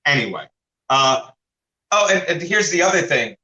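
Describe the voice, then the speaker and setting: A man co-hosts a casual comedy talk show, rambling through animated stories and jumping in with impressions of the people he describes. His voice is a little high and his speed normal, and the recording is muffled with a roomy sound.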